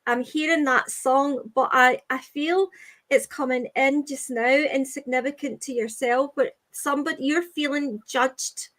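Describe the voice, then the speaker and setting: A woman giving a live spirit reading as a medium, halting and repetitive, often reassuring with "okay, sweetheart". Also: sits high, fairly even intonation, a bit bright. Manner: halting, repeats phrases, soothing with "okay, sweetheart".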